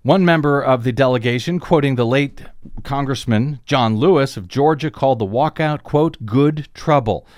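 A man's voice: medium pitch, normal speed, no echo, studio quality. A middle-aged man hosting a political radio show, giving an earnest, emphatic commentary monologue.

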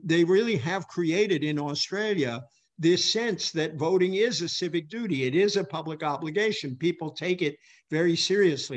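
A man as a radio interview guest, talking earnestly and correcting himself as he goes. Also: fairly high pitch. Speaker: guest author.

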